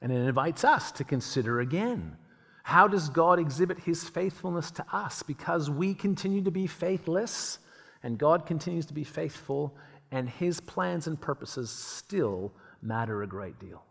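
A man preaching a sermon in a lively, conversational way, acting out the voices he quotes. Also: on the high side, normal speed, gravelly. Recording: long hall reverb.

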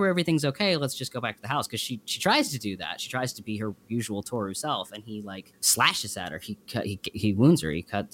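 A man co-hosting a podcast, chatting casually in an animated, rambling and emotional way. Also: mid-range voice, slight background noise. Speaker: podcast co-host. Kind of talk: casual chat.

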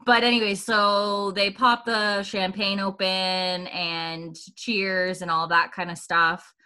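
A woman's voice: mid-range voice, little pitch movement, takes it slowly, sharp tone. A woman from Canada, a podcast co-host recapping a TV episode in casual chat, laughing often and acting out lines. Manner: chatty, laughs often, acts out quoted lines.

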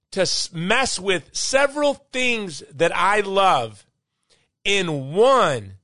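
Emphatic bright-voiced male podcast host. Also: sits high, no echo, studio quality. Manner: emphatic, worked-up yet upbeat. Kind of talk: opinionated monologue.

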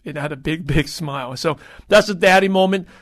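A man's voice: a little high, a little fast, fairly bright tone, no echo. A man in his thirties hosting a casual solo podcast, chatty and rambling, with many restarts and fillers. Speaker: podcast host.

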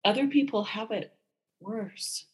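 A woman co-hosting a casual conversation, telling personal stories candidly and slipping into lively quoted voices. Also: mid-range voice, unhurried. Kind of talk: casual chat.

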